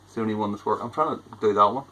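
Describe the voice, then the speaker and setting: A man's voice: on the low side, rapid-fire, sharp tone, low-quality recording. A man chatting casually through a home-brewing vlog, rambling and poking fun at himself. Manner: chatty, rambling, self-deprecating. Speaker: homebrewer.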